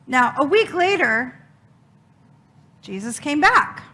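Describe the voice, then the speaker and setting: High, bright-voiced woman preacher telling a story. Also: takes it slowly. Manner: dramatic, expressive storytelling with emphatic repeats. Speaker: minister. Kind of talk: sermon storytelling.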